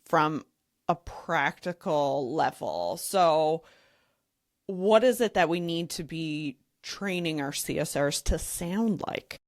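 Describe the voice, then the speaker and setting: A woman hosting an interview, asking her guest questions in a measured, unhurried way. Her voice is very low and she speaks slowly, recorded dry and close with no room sound. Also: lively intonation, no echo. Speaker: podcast host.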